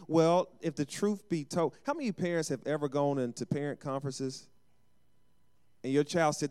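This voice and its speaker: Lively, clear-voiced male preacher. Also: on the high side, fairly quick. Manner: call-and-response preaching with acted asides. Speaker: pastor. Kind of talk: sermon.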